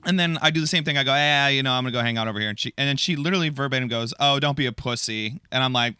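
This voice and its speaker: A young man, a guest on a podcast, defending himself in casual chat with rapid storytelling. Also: mid-range voice, sharp tone, smooth, no echo, studio quality.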